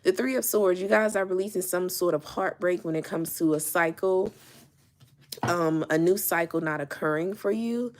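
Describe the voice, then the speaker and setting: A woman's voice: lowish voice, moderate pace. A young woman giving a casual tarot reading, chatty and full of ums and okays, a little out of breath. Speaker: tarot reader.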